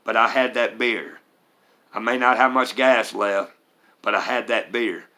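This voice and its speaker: A man's voice: fairly low pitch, fairly even intonation, unhurried, sharp tone. A middle-aged man, telling his recovery story in an earnest, rambling way. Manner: earnest and rambling, with Southern US turns of phrase. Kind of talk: personal testimony.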